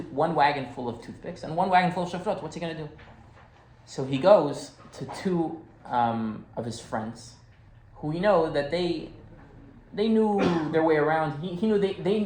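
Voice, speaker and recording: A man's voice: fairly high pitch, darkish tone. Man teaching in an echoey room. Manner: conversational, keeps checking in with "right?". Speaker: rabbi teaching a class. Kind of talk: informal teaching with storytelling. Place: classroom with listeners present. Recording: roomy echo, faint background hum.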